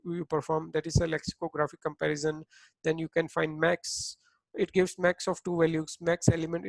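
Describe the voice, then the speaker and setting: A man's voice: high voice, vocal fry, dry recording, poor audio. A man giving a recorded programming lecture, explaining step by step with frequent fillers and restarts. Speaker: programming instructor.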